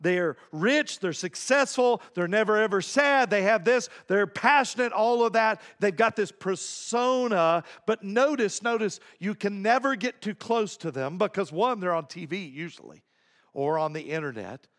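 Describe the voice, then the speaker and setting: A male pastor preaching a sermon, emphatic, repeating key phrases and swinging between low asides and raised points. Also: normal speed, a bit bright.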